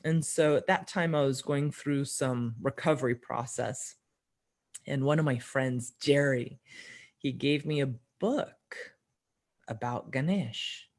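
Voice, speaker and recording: A woman's voice: rumbling low, takes it slowly, darkish tone. A middle-aged woman, a podcast guest, telling a personal story in conversation. She acts out the dialogue, often shifting her voice for the quotes, and laughs now and then.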